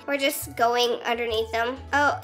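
A high-pitched, bright-toned woman narrates her game role-play in an excitable, giggly way, often breaking into shrieks. She talks into a desk mic while faint game music plays underneath. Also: measured pace. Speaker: gaming YouTuber. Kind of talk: role-play gameplay commentary.

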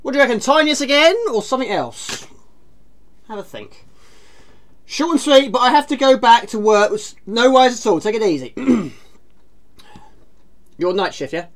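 A woman's voice: on the high side, sing-song, normal speed, pauses often. A woman streaming a retro game, chatting casually, teasing herself and greeting viewers from chat. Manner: chatty, self-mocking, reads chat aloud.

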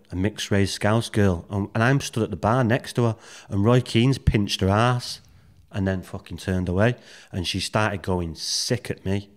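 A man guest on a podcast, telling rambling anecdotes bluntly and swearing freely. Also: on the low side. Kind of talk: casual storytelling interview.

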